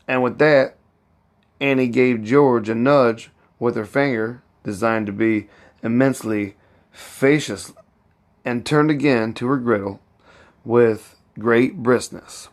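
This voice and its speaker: Slow, stumbling man reading a novel aloud. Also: medium pitch, fairly even intonation. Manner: unhurried, stumbles and restarts, corrects himself. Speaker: amateur audiobook reader.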